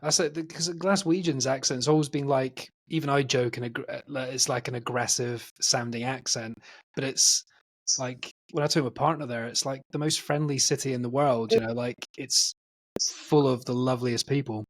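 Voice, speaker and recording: A Scottish-born man hosting a podcast, with a light, softened Scottish accent, talking in a rambling, chatty way full of restarts. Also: mid-range voice, steady tone, moderate pace. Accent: light Scottish, softened by living in England. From Scotland. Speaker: podcast host. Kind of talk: casual interview chat.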